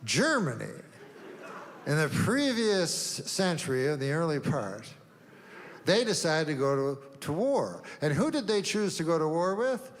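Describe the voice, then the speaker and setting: Deadpan, rambling stand-up comedian, slightly high. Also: male voice, long reverb tail. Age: older. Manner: deadpan, rambling, drawn-out pauses.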